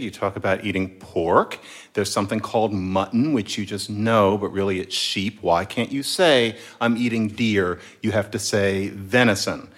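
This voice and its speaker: A man, a linguist guest, explaining word histories in a playful, lively way during a casual chat. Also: fairly low pitch.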